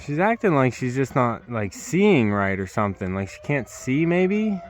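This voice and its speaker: Soft-spoken worried man outdoors. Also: medium pitch, sing-song, normal speed, hardly any pauses, a little hiss or hum. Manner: soft, worried, talks gently to his goats. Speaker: homesteader vlogger. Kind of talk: casual vlog with animals. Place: outdoors at a goat pen.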